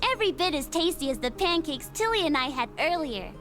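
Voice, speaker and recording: Bubbly teenage girl, very high and bright. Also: lively intonation, brisk, faint music behind. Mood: cheerful. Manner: teasing, bubbly. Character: energetic playful teenage girl. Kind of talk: video game voice acting.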